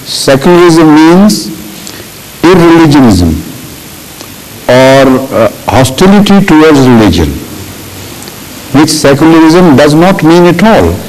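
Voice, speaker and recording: Slow, measured man answering questions. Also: fairly high pitch, big pitch swings, darkish tone, poor audio. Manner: measured, deliberate speech with frequent coughs. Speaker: religious leader answering audience questions. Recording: faint tape hiss.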